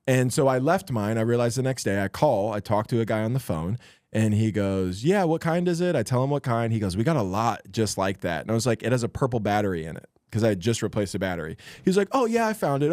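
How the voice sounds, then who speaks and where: A man's voice: on the low side, no echo. Young guy comedian ranting through a story on a podcast, voice jumps way up when he gets worked up, dry close mic. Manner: animated storyteller acting out other people's lines. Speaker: podcast co-host, stand-up comedian. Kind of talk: casual storytelling chat.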